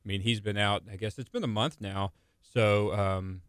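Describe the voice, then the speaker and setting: A man's voice: on the low side, steady tone, normal speed, a bit bright, clear, resonant tone, no echo. A young man, a small business owner and stay-at-home dad, chatting casually and often restarting his sentences. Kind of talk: casual chat.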